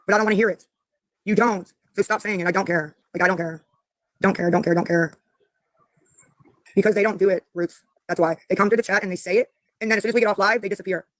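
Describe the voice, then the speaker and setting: Fast, angry, cursing livestreamer voice. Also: mid-range voice, fairly even intonation, dry recording, poor audio. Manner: angry and profane, snapping at chat comments. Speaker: livestreamer asking for donations. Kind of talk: live stream talk to chat.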